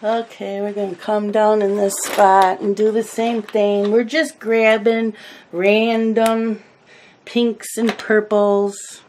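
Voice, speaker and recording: A woman's voice: mid-range voice, little pitch movement, takes it slowly, a little mellow, a little hiss or hum. A middle-aged woman chatting casually about her day while she colors, telling family stories in a loose, rambling way. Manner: chatty storytelling, laughs at family anecdotes. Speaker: coloring channel host.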